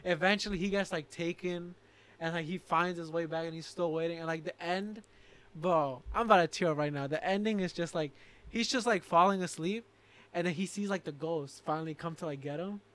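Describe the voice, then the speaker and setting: A man's voice: on the high side, fairly quick, fairly bright tone. A young man co-hosting a podcast in casual chat, slangy, telling stories with lots of "like". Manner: slangy storyteller, says "like" often. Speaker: podcast co-host.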